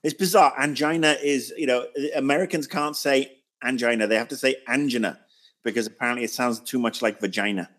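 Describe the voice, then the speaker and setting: Man, mid-range voice, halting self-deprecating co-host on a chat podcast. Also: mid-range voice, a bit bright. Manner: rambling, hesitant, self-deprecating.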